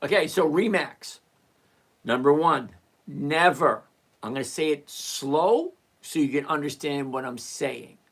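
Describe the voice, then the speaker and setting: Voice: medium pitch, expressive, measured pace, husky. A trading streamer with a mid-range voice, talking casually to viewers over a desktop mic. The delivery is blunt and lecturing, and the host repeats rules over and over. Exasperated asides and the odd mild curse keep the chat loose. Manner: mildly profane, exasperated asides. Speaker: stock trading livestream host.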